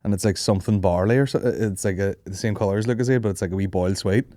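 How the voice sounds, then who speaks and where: A man's voice: fairly low pitch, rapid-fire, warm tone, dry recording, studio quality. A young man hosting a podcast, rambling through stories with lots of swearing and laughter. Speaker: podcast host. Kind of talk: casual chat.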